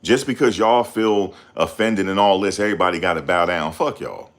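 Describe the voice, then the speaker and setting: Deep-voiced man ranting. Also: moderate pace. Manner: loud, confrontational, profane. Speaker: channel host. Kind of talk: ranting livestream commentary.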